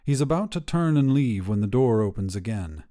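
A man narrating a short fiction podcast in a steady, scripted storytelling manner. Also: on the low side, moderate pace.

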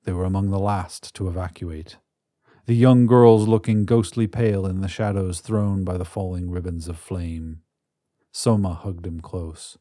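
A man in scripted narration of a science fiction story, telling it in a measured, dramatic way on a close mic. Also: low voice, steady tone, warm tone, no echo.

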